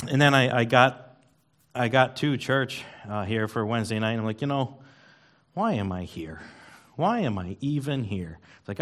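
A man giving a casual, rambling sermon in a church, self-deprecating and full of ums and uhs. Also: fairly low pitch. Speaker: lay preacher at church service. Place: church sanctuary.

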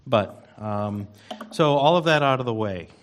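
A man's voice: mid-range voice, lively intonation, measured pace. A man giving a casual, rambling sermon in a church, self-deprecating and full of ums and uhs. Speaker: lay preacher at church service. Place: church sanctuary.

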